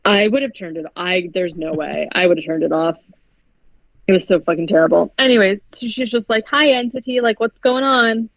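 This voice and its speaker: A woman's voice: lowish voice, brisk, vocal fry, dry recording. A woman co-hosting a podcast who recaps a movie in casual chat, talking with heavy "like" filler and frequent swearing. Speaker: podcast co-host. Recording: dry, dull lo-fi podcast audio.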